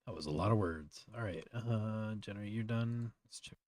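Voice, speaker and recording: A man's voice: on the low side, moderate pace, a little mellow, no room sound. A man hosting a casual live tutorial, muttering to himself as he works and chatting through explanations with fillers. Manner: muttering to himself while working, trailing off. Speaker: host.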